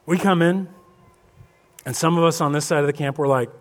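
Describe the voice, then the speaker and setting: High-voiced animated preaching man. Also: brisk. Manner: animated, acts out congregation voices. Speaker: pastor. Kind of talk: sermon. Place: church sanctuary.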